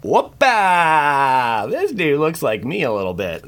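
A young man giving casual, jokey commentary as he opens card packs, breaking into sudden loud exclamations. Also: on the high side, wildly swooping pitch, slow pace. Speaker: channel host opening card packs. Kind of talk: casual pack-opening commentary.

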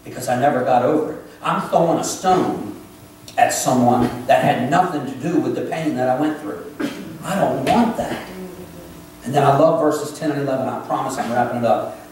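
Impassioned preacher, echoey church. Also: male voice, mid-range voice, moderate pace, slight background noise. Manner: impassioned, swinging between loud pleas and hushed confessions. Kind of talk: emotional sermon. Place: church sanctuary. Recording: echoey church from a distant mic.

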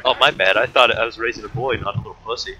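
A man playing an online game with a friend, swearing, teasing him like a stern father and yelling during fights. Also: medium pitch, very fast. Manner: crude joking, mock-fatherly teasing, shouting "boy". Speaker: gamer co-streaming a match. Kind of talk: casual gaming banter.

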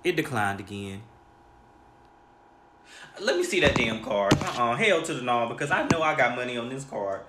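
A man's voice: mid-range voice, animated, moderate pace, long pauses, heavy background noise, voice pushed down, lightly acted. A man in a comedy skit clip, playing a brash customer outraged that a card was declined. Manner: brash, swearing, comic outrage. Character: loud indignant customer whose card declined. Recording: echoey room from a video clip.

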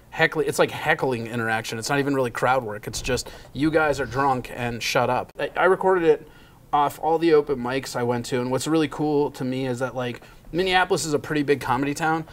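Male comic, casual rambling banter, slightly high register. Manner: rambling, many fillers. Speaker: comedian.

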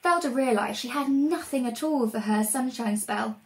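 A woman reading a storybook aloud to children in a lively, expressive way. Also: a little high, moderate pace, a little hiss or hum, rough recording. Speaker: reader.

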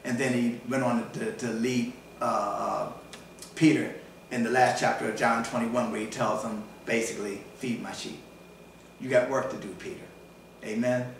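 A man's voice: medium pitch, moderate pace, slight background noise. A pastor preaching a sermon in a church, acting out the voices of people in his stories as he goes. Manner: animated preaching, acts out voices in retold stories. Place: church sanctuary. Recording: echoey church hall, voice from far off.

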